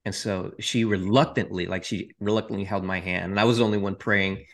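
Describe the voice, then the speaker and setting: Low-voiced man telling earnest testimony. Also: fairly even intonation, brisk. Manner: earnest, candid, self-deprecating. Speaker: podcast host. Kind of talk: personal testimony storytelling.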